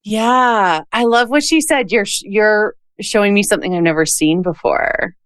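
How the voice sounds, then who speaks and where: A woman hosting a podcast, asking open questions and reacting warmly to her guest's stories. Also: medium pitch, moderate pace, clean tone, dry recording, studio quality. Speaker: podcast host. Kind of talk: casual interview.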